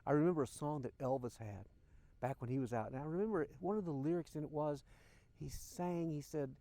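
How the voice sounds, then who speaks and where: A man's voice: fairly high pitch, fairly quick, dark tone. An older man hosting a podcast, speaking in an earnest, emotional personal monologue and addressing listeners directly. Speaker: podcast host.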